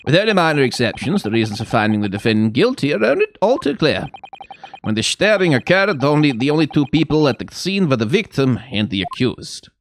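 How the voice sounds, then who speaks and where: A man doing a formal, measured court judge. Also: mid-range voice, big pitch swings, a little hiss or hum.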